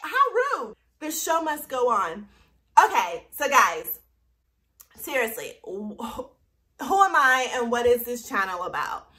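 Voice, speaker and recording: A woman's voice: fairly high pitch, very animated, slow pace, bright, forceful tone. A woman in her thirties sharing a personal testimony in a casual, bubbly vlog, laughing often. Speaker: vlogger.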